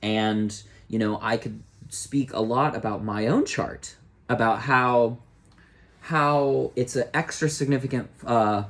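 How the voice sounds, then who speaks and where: A man's voice: mid-range voice, takes it slowly. Young male astrologer, loose and jokey, talks to himself, mid-range voice, casual stream. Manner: rambling, self-talking, jokey. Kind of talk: casual live-stream chat.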